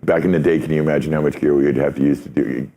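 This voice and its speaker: Male podcast host, very deep voice, rambling, profane, casual interview chat. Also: fairly even intonation, very fast, warm tone.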